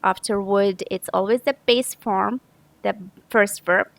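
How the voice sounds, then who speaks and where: A woman's voice: mid-range voice, fairly even intonation, measured pace, gravelly, no room sound, low-quality recording. A woman teacher from Saudi Arabia patiently walking through an English grammar lesson step by step, often correcting herself. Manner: patient, step-by-step explaining with frequent self-corrections.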